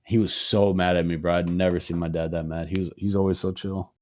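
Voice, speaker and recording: A young man co-hosting a podcast, telling a story in a slangy, profane, animated way. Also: sits low, quick pace, hardly any pauses. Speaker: podcast co-host. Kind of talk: casual storytelling chat.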